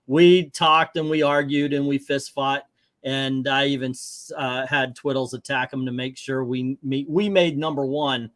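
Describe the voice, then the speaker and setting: A man's voice: medium pitch, no echo. A middle-aged man hosting a casual movie chat, joking, rambling and emphatic. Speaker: host.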